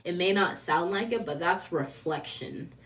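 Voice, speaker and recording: A woman chatting casually on a livestream vlog, animated, laughing often, and acting out quoted lines. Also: fairly low pitch, measured pace, far from the mic. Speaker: lifestyle vlogger.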